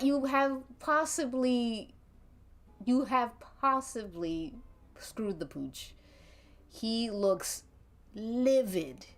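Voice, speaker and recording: A woman streamer narrating an interactive story in a casual, rambling way, laughing often between lines. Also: mid-range voice.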